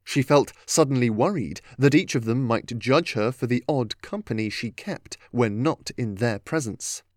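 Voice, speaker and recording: A man reading a storybook aloud as narrator, in a steady, even manner. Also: mid-range voice, moderate pace, dry recording, clean studio sound.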